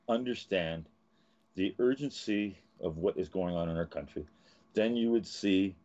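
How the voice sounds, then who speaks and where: Man, low voice, angry swearing rant, live talk host, muffled lo-fi audio. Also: warm tone. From Canada. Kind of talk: heated live web talk show.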